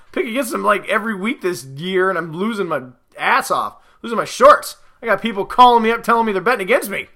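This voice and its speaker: On a football podcast, a host with a somewhat high, bright, forceful voice rambles casually through his picks. He jokes around and sarcastically trash-talks players and teams.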